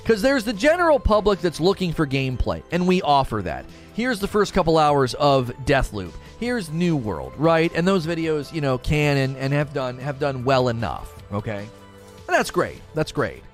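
In casual livestream chat, a middle-aged gaming streamer jokes and repeats his phrases over faint background music. His voice runs on the high side with big pitch swings at a moderate pace.

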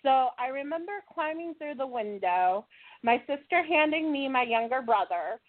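A woman's voice: high voice, lively intonation, moderate pace. An adult woman earnestly recounting her childhood in a personal testimony, plainspoken and often checking in with "right?". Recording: tinny phone-like audio.

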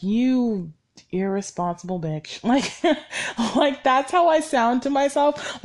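A young woman speaks as the host of her own podcast, in a candid monologue that rambles along. She stops to correct herself again and again and sounds short on sleep. Her pitch sits in the middle of the usual range. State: sleep-deprived. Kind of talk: personal reflective monologue.

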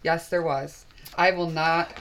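Young female podcast co-host: lowish, bright voice, slow and swooping, swearing in disbelief. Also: fairly even intonation. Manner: profane, emphatic, incredulous. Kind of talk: casual podcast chat.

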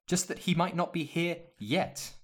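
A man's voice: fairly high pitch, expressive, unhurried, voice pushed up. Man doing a shy teenage witch girl. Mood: reserved.

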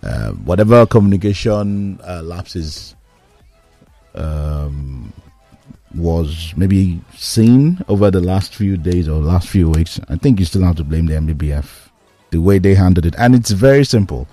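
A man on a sports talk panel, giving measured, assertive analysis. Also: sits low, animated, dark tone, no echo, faint music behind. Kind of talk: casual chat, analysis.

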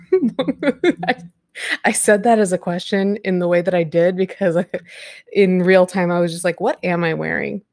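A woman's voice: fairly low pitch, measured pace, pauses often, a little mellow, no room sound, studio quality. Chatty woman hosting a live podcast. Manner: chatty, rambling, laughs often. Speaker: podcast host. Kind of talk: casual live-stream chat. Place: home room at a computer.

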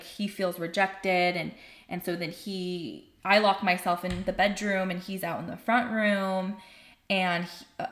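A young woman telling a personal story in casual chat, candid and animated, swearing and filling her talk with "like". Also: fairly low pitch, roomy sound. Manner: candid, animated, swears freely, many fillers.

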